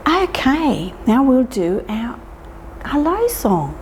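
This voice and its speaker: A high-voiced Australian woman sings and chants nursery rhymes for little children, drawing every word out very slowly. Her delivery is playful and exaggerated, dropping now and then to a whisper for the quiet bits. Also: big pitch swings, background noise. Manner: sing-song, slow and exaggerated, with whispered quiet parts. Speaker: children's librarian leading rhyme time. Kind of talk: singing nursery rhymes and action songs for toddlers.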